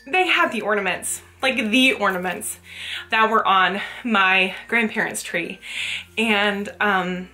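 A woman's voice: mid-range voice, slow pace, bright, forceful tone. A young adult woman vlogging casually about her shopping haul, gushing and chatty, laughing often.

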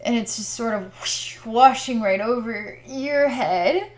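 A woman's voice: on the high side, measured pace, slight background noise. A woman working as a psychic healer, describing what she sees during a distance healing session in a hesitant, word-searching way with sighs.

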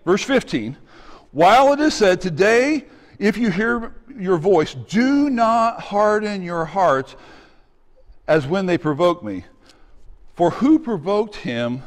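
A pastor preaching a sermon in a church, animated and acting out the people in the story, now and then shouting. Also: male voice, high voice, takes it slowly, long pauses, big-room sound. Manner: animated, acts out voices and shouts. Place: church sanctuary.

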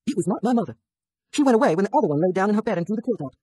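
Husky woman reading an audiobook, sped up. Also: medium pitch, expressive, rapid-fire, dark tone, no echo, low-quality recording. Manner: reads first-person literary prose, voicing dialogue in rural dialect. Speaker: audiobook reader.

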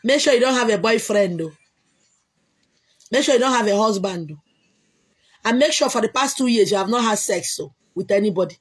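A woman with a Nigerian accent hosting a casual livestream, answering viewer comments in an emphatic, repetitive way with loud exclamations. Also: on the high side, animated, brisk, pauses often, slightly rough. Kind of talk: casual chat.

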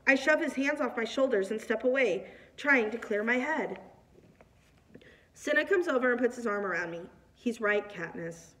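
A woman reads a novel aloud in a plain, steady voice, with the occasional small slip. Her voice sits a bit high and comes from a mic set away from her. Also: normal speed, far from the mic. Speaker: reader.

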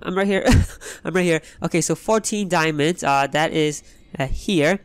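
A young man hosting a Minecraft let's play, talking in an excitable, rambling way. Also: on the high side, normal speed, clear, resonant tone, no echo. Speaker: gaming channel host.

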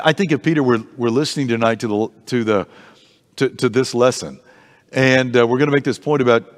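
This man teaches grown-ups about the Bible at church in a lively, chatty way, often breaking off and beginning sentences again. His voice sits in the mid-range, and the hall echoes around him.

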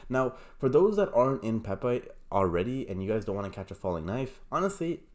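A man with a mid-range, slightly mellow voice hosts a crypto channel, talking briskly with big swings in pitch. His casual hype commentary is brash, profane and amped up, and he puts on an unnamed mock accent.

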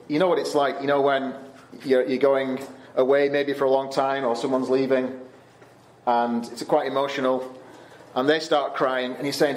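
A man gives a Bible talk to teenagers at camp, in an easy conversational way with fillers and restarts. His voice sits at a middle pitch. The room around him is echoey. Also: flat delivery, moderate pace, a little mellow, a little hiss or hum. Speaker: camp speaker. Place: Canada.

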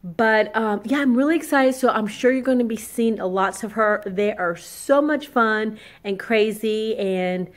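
Chatty excitable woman vlogging at home. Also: on the high side, unhurried, few pauses. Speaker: vlogger and makeup artist. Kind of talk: casual vlog chat. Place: home and yard, moving around.

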